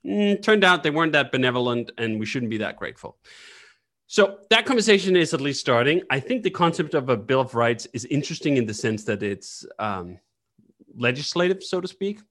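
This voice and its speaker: A man talking as an interview guest in casual conversation, animated and blunt, swearing freely. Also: mid-range voice.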